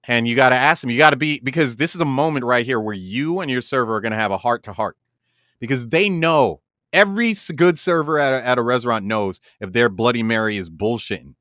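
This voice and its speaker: A man co-hosting a casual podcast, his voice bright and forward in a dry, close-sounding space. He talks with animated energy, tripping over restarts, then leans into slow, dramatic delivery when he tells a story. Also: mid-range voice, no echo. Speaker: podcast co-host.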